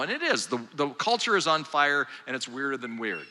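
A man's voice: fairly high pitch, sing-song, fast talker, hardly any pauses, sharp tone. An older man giving a joking, conversational talk to a live audience of mothers, speaking to them directly. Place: large hall with live audience. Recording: long hall reverb.

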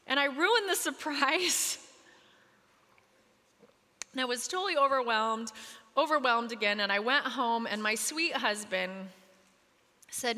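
A woman's voice: fairly high pitch, normal speed, sharp tone. A woman speaking to a group of mothers, telling a personal story earnestly and closing in prayer in a large hall. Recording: long hall reverb.

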